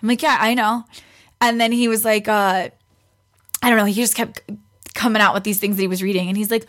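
A woman's voice: mid-range voice, fairly even intonation, a little fast, pauses often, fairly bright tone. A pregnant young woman telling a story in casual chat, acting out what others said and laughing often. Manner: chatty, acts out quoted voices, laughs often. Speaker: guest.

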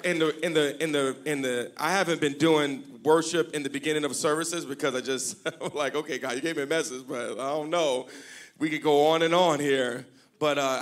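Lively preaching male pastor. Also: a little high. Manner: call-and-response, joking, rising to shouts. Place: church service before a congregation.

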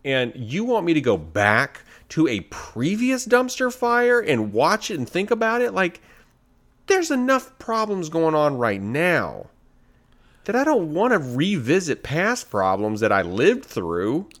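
A man co-hosting a casual chat about trailers, blunt, sarcastic and quick to dismiss. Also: on the high side, huge pitch swings, fairly bright tone. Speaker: podcast co-host.

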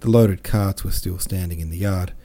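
An audiobook narrator with a deep, mellow voice reads a classic novel aloud at normal speed. He gives each character's dialogue a mild shift in tone.

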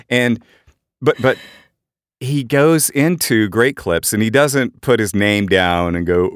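A middle-aged man co-hosting a podcast, telling animated anecdotes in casual chat and jumping up in pitch for quoted voices. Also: a little slow, smooth, no room sound, clean studio sound. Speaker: podcast co-host.

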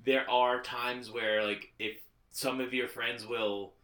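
A man co-hosting a podcast in casual movie chat. He rambles with lots of fillers and slips into quick mock voices. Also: medium pitch, level tone, bright, forceful tone, echoey room. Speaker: podcast co-host.

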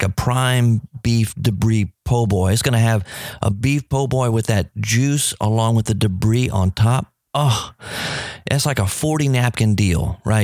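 A man talks food on his radio show, rambling and enthusiastic, his voice leaping up whenever something delights him. His middle-pitched voice sits in a dry, close sound. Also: no room sound. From New Orleans. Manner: enthusiastic, rambling, pitch jumps when excited. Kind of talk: radio talk about food.

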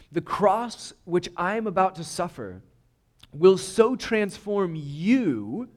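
Male pastor giving a sermon, emphatic and earnest, slow deliberate pace. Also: fairly high pitch, a little mellow. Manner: earnest, emphatic, with restarts and repeated words.

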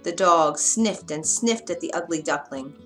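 A woman reading a children's story aloud, gentle and expressive. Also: on the low side, measured pace, faint music behind.

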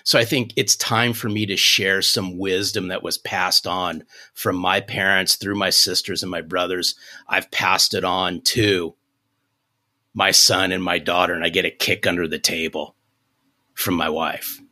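Low-voiced guy in his 50s on a podcast, animated folksy storytelling, forceful tone. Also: unhurried. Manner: animated, restarts sentences, folksy. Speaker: podcast guest, sales coach.

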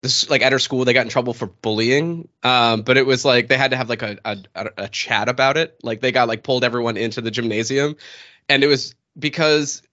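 Bright-voiced rambling man. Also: medium pitch, a little fast. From Boston area, New England. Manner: rambling, many fillers and restarts. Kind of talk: casual chat. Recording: slightly dull lo-fi sound.

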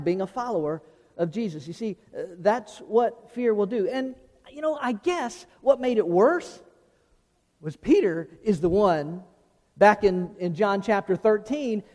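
Male pastor, high voice, folksy sermon with restarts, big reverberant church hall. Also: a little mellow. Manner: folksy preaching with repeated restarts, acting out quoted voices. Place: church sanctuary. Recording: long reverb of a large hall.

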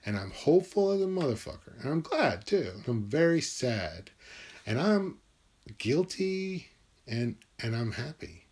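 A man's voice: mid-range voice, sing-song, a little slow, darkish tone, breathy edge. A man talking alone in his room in a rambling, musing monologue, swearing freely as he goes. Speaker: vlogger.

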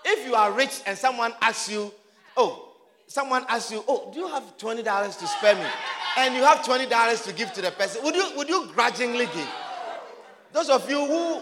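A man preaching a sermon to his congregation, emphatic and often shouting, repeating his phrases for force. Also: very high-pitched, in a large hall.

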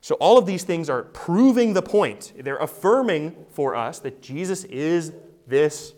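Man, pastor, sermon, emphatic delivery, rhetorical questions, slightly higher pitch. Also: animated, unhurried, a little mellow.

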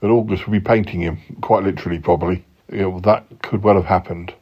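A man putting on a gruff yeti uncle. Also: steady tone, fast, lo-fi sound. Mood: rambling. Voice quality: gruff, low and manly. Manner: waffly, full of fillers and restarts.

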